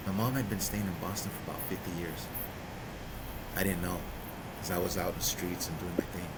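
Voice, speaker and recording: A man's voice: steady tone, moderate pace, pauses often. Earnest man telling his recovery story. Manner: earnest, storytelling, drops quiet at heavy points. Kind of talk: personal testimony in conversation. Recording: vehicle rumble behind.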